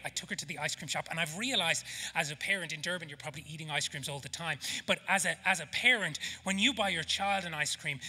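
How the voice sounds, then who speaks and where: A man in his thirties with an Irish accent, preaching a sermon with humor and passion, dropping to hushed near-whispers when he prays. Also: a little high. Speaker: pastor. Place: church auditorium. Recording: echoey church hall.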